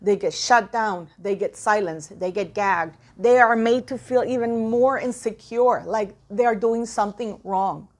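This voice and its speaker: A woman's voice: medium pitch, a little slow, few pauses. A woman giving impassioned, indignant commentary to her viewers, often repeating phrases for emphasis. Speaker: commentary vlogger.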